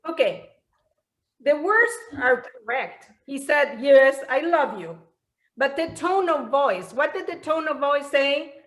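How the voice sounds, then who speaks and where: High-voiced woman co-teaching a seminar. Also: expressive, slow, a bit bright. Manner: explains with everyday examples. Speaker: seminar co-presenter. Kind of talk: church seminar talk. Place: church hall.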